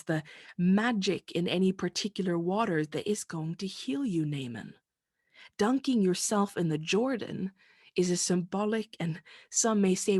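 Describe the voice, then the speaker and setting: A woman preaching a sermon in a measured, reflective way, asking rhetorical questions. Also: medium pitch, darkish tone, breathy edge, no room sound, clean studio sound.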